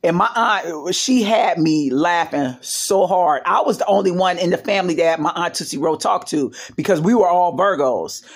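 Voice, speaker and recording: A woman's voice: lowish voice, moderate pace, few pauses, breathy edge. A woman vlogger telling family stories in a rambling, casual way, with many fillers and side remarks. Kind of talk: casual storytelling vlog.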